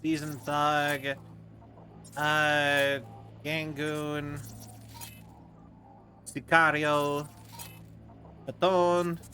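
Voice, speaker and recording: Bright-voiced chatty male streamer. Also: fairly high pitch, little pitch movement, extremely slow, pauses often, faint music behind. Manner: chatty, rambling, jokey asides to chat. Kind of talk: casual gameplay commentary.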